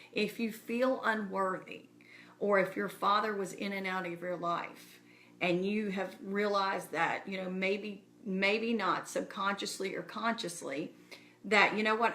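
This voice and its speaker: Woman chatting to her viewers, bright voice, earnest and encouraging. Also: medium pitch. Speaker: speaker addressing her community. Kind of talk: casual live-stream address.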